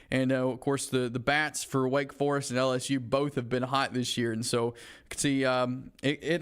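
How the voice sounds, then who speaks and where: A man's voice: medium pitch, fairly bright tone, clean tone. A man with a Southern American accent hosting a sports talk show, chatting casually with frequent fillers. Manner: conversational, many "uh" fillers.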